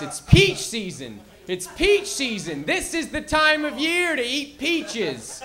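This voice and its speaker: A man's voice: very high-pitched, bright, forceful tone. A man doing a stand-up set, wryly teasing the crowd and drawing out his punchlines. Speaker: stand-up comedian. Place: comedy club stage, audience.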